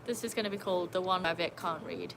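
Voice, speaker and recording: A young woman hosting a casual live stream by a pool at night. She chats, laughs often and calls to her dogs in a high sing-song voice. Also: lively intonation, fast talker, noisy background. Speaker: livestream host. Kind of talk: casual live-stream chat reading comments.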